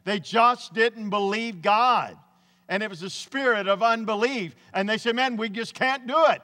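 A male pastor preaching in a church sanctuary, his voice sitting high for a man. He talks in a folksy, emphatic way and often drops in "man". A long hall reverb trails behind his words. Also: pushed and bright. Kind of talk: sermon.

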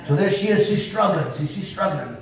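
A man's voice: animated, a little fast, crowd noise. A man preaching at a revival, telling stories with emphatic calls of "come on now" to the congregation. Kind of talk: revival sermon storytelling. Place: church sanctuary. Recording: echoey church hall from far off, faint rumble.

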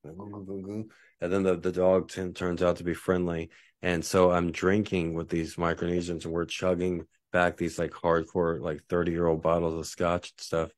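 Deep-voiced man rambling through a story. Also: flat delivery, unhurried, no echo, clean studio sound. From Texas. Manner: rambling, filler-heavy, many restarts. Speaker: writer telling a story. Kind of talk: casual spoken storytelling.

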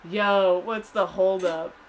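A woman's voice: mid-range voice, fairly even intonation, slow pace, slight background noise, natural voice, poor audio. A woman doing a slangy laid-back boyfriend.

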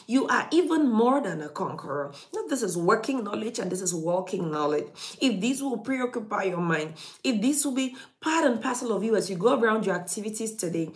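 A woman minister delivering an emphatic morning devotional sermon, repeating key phrases and building intensity. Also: mid-range voice.

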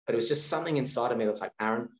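A man's voice: medium pitch, racing. A man from Australia in his thirties, a guest telling a personal story in a casual interview, acting out the voices of the people in it. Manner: animated storyteller acting out quoted dialogue. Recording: roomy, slightly dull sound.

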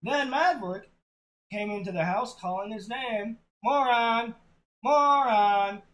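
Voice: medium pitch, normal speed, low-quality recording. A storyteller giving an unpolished, crude, offhand telling of a joke story in a casual spoken way.

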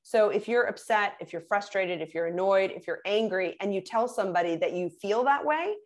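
A woman, a guest on a podcast, talking through communication tips with lively, animated delivery and quick acted-out phrases. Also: mid-range voice. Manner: animated, acts out little quoted phrases, restarts words. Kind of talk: casual interview talk.

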